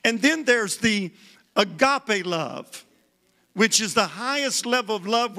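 Guest preacher, male, high bright voice, call-and-response sermon delivery. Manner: preaching with call-and-response, repeating words for emphasis. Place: church sanctuary.

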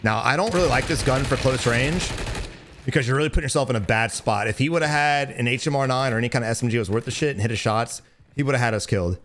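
Young man, gaming streamer, blunt, profane, teasing, loud excited bursts, faint clicks behind. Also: medium pitch, quick pace, a little hiss or hum. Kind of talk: gameplay commentary.

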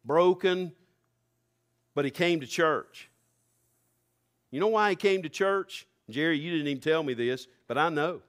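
Man, pastor, church sermon, fervent, fairly high voice. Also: normal speed. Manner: fervent, rising to near-shouts.

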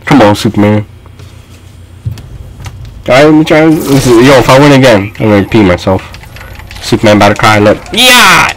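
A young man giving casual, excitable gaming commentary, trash-talking his opponent with sudden yelps. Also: medium pitch, moderate pace, long pauses. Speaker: gaming channel host.

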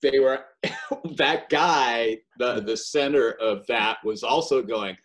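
A man co-hosting a podcast, chatting in a lively way and laughing easily. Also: medium pitch. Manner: lively, quick to laugh and jump in. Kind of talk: casual chat.

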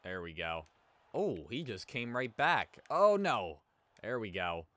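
A young man casually commentating on his own hockey video game as he plays, chatting and reacting loudly to plays. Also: lowish voice, big pitch swings, measured pace, no room sound. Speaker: gaming YouTuber. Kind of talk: casual let's play commentary.

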